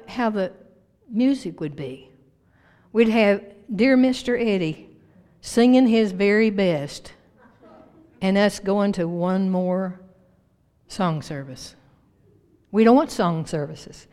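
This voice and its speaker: A woman pastor preaching a sermon to her church with emphatic swings in pitch and volume. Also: animated, slow. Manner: emphatic preaching with big rises and drops in pitch and loudness. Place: church sanctuary. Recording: long reverb of a church hall.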